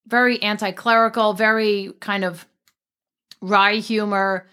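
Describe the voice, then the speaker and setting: A woman's voice: mid-range voice, steady tone, measured pace, sharp tone, clear, resonant tone. A woman speaking as a guest in a casual conversation about a poet, chatty and digressive, often restarting her sentences.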